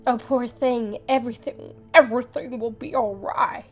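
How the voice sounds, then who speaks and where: High-voiced excitable woman streamer. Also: normal speed, soft background music. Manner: chatty and excitable, jumps to loud yelps and shouts. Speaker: streamer playing a horror game. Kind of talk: live let's play commentary, reading game text aloud.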